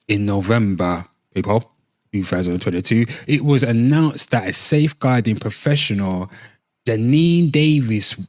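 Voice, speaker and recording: Low-voiced British man reading with swearing asides. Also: a little mellow, dry recording, clean studio sound. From Britain. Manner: reads aloud with asides and swearing. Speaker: commentary host. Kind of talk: casual reaction commentary reading an article.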